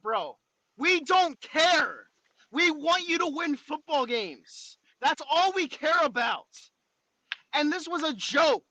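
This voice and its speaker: High-voiced man ranting on a podcast. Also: pushed and bright, no echo, poor audio. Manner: angry, profane, repeats himself. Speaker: podcast host. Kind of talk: heated postgame sports rant.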